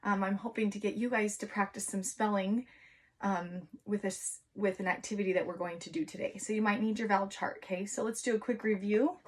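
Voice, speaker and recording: A kindergarten teacher giving an online phonics lesson, speaking to young children in an encouraging, sing-song way and stretching out letter sounds slowly. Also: female voice, mid-range voice, steady tone. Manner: slow, exaggerated sounding-out of letters.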